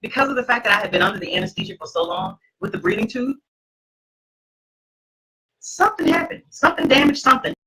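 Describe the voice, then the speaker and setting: Husky woman giving an emphatic testimony. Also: fairly high pitch, big pitch swings, quick pace, long pauses, sharp tone, rough recording. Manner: emphatic, preacherly storytelling. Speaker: host. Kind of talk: personal testimony to a live audience.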